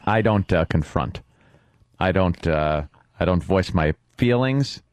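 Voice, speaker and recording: A man's voice: deep voice, lively intonation, slow pace, no echo. A man co-hosting a radio talk show, speaking bluntly and wryly into a studio microphone.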